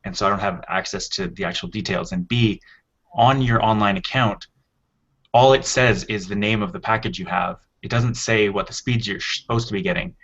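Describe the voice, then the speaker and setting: A man's voice: on the low side, brisk, fairly bright tone. A man co-hosting a tech podcast, explaining at length in casual chat with frequent restarts. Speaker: podcast co-host. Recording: dull, lo-fi podcast audio.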